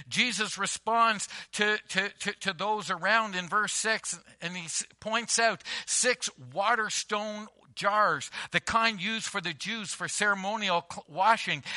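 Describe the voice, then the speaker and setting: A man's voice: sits high, sharp tone. A male pastor preaching a sermon to a congregation, emphatic and conversational, telling everyday stories with repeated phrases. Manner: emphatic, conversational storytelling with repetitions. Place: church before a congregation.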